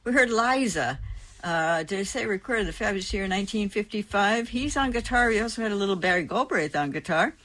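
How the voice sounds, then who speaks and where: A woman's voice: mid-range voice, animated, brisk, fairly bright tone. A woman hosting a music radio show, back-announcing records in a chatty, enthusiastic way with little asides.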